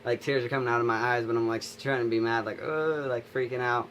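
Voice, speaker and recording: A man's voice: mid-range voice, little pitch movement, quick pace, fairly bright tone, slight background noise. A young adult man telling a long story from his school days in a casual vlog, full of fillers and restarts. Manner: rambling, filler-heavy retelling. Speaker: vlogger.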